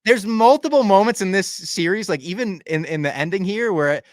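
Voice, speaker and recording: A man co-hosting a podcast, recapping a TV finale in casual chat, animated and swinging from loud outbursts to low asides. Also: brisk, no echo. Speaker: podcast co-host.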